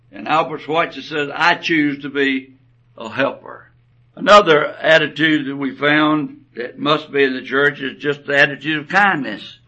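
A man preaching a sermon, telling stories slowly and deliberately, his phrases often trailing off softly. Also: fairly high pitch. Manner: slow, deliberate storytelling with soft trailing phrases. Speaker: pastor. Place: church. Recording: dull, distant church recording.

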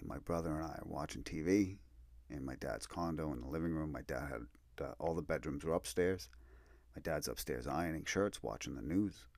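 Male podcast host, deep voice, candid storyteller, dry close sound. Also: no room sound. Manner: candid, animated storytelling with acted-out quotes. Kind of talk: storytelling monologue.

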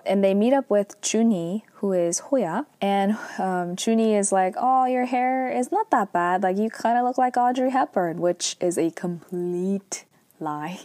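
A woman's voice: mid-range voice, mellow, no room sound. Chatty woman, dry close sound. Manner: chatty, many fillers like "like". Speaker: recapper of a drama episode. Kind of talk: casual spoken recap.

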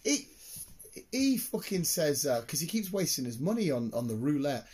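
A man's voice: a little high, big pitch swings, normal speed, darkish tone, breathy edge. A young man in casual chat, telling blunt, sweary stories about his workmates.

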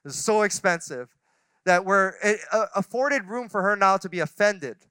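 A man's voice: high-pitched, normal speed, bright, forceful tone, smooth, no room sound. A man in his forties preaching a sermon as a pastor, talking in a conversational, self-deprecating way with frequent restarts and asides. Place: church sanctuary.

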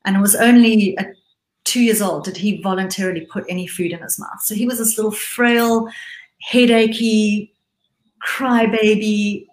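A middle-aged woman from southern Africa, a guest speaking candidly in casual conversation, halting and restarting often. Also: medium pitch, reverberant, low-quality recording.

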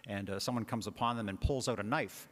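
A man's voice: on the low side, fast, a bit bright. A man, a parish priest, giving a conversational homily with frequent filler words. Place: church. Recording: long church reverb.

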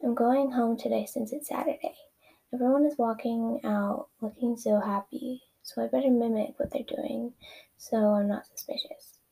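A woman's voice: on the high side, steady tone, moderate pace, gravelly, mellow, breathy edge, rough recording. A woman voicing a nervous teenage boy who hides his fear behind a fake smile, in her own plain reading voice.

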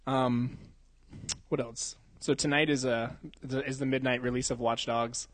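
A man's voice: medium pitch, level tone, measured pace, a bit bright, no echo. Laid-back young man, dry close sound. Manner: rambling, laughs often, swears a lot. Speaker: podcast co-host. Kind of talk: casual chat.

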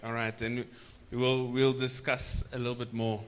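A man preaching a sermon at a church conference, stretching key words slowly for emphasis and prompting the audience to answer back. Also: medium pitch, little pitch movement, smooth.

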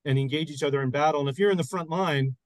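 A man's voice: on the high side, rapid-fire, no room sound, low-quality recording. A man, a pastor and podcast co-host, explaining Bible stories in casual chat with frequent restarts.

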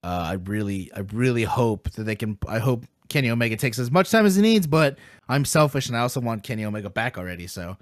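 An excitable man rambles through a casual podcast chat, brash and playful, with food in his mouth now and then. His voice sits at an ordinary pitch. The recording is dry and close, with no room sound. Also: fast talker, no room sound. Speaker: podcast host.

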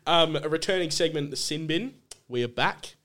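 A man's voice: fairly high pitch, normal speed, fairly bright tone. A young Australian man co-hosting a podcast, chatting casually, laughing often and swearing. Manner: laughs often, swears, chimes in with short agreements. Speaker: podcast co-host. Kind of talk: casual chat.

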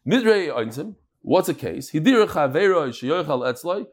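Man, Talmud class lecture, casual, slightly high-pitched, tells anecdotes. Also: sing-song, moderate pace, breathy edge. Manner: casual, peppered with Hebrew and Yiddish terms. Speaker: Talmud teacher.

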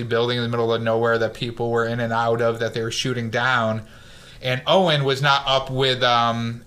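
A man casually recapping a war movie on a podcast, acting out the characters' lines as he goes. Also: mid-range voice. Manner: animated storyteller, acts out quotes.

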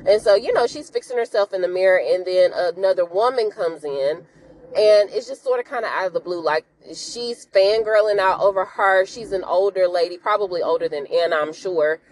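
A woman hosting a podcast, retelling a TV episode in a chatty, animated way full of slang and asides. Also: medium pitch, moderate pace, a little hiss or hum. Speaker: podcast host. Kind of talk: casual episode recap.

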